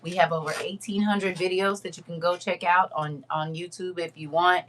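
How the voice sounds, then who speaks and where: A woman hosting a casual livestream, reading viewer comments aloud in a lively, teasing way and laughing often. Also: lowish voice, normal speed.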